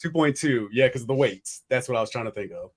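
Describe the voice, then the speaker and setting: A man's voice: medium pitch, animated, quick pace, over a noisy crowd. A man in his forties from the United States, hosting a casual podcast chat, rambling and profane and laughing often. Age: 40s. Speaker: podcast host.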